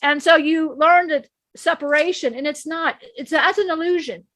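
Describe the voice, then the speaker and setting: A woman's voice: high voice, moderate pace, fairly bright tone, no room sound. A woman channeling an ancient male divine being, giving an emphatic spiritual teaching with many repeats and restarts. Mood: earnest.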